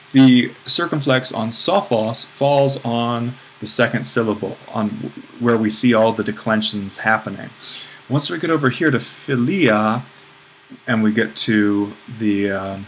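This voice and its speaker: A man who is a teacher, giving a casual lecture with worked examples in a relaxed, self-deprecating way, thinking aloud as he goes. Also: medium pitch, a little hiss or hum.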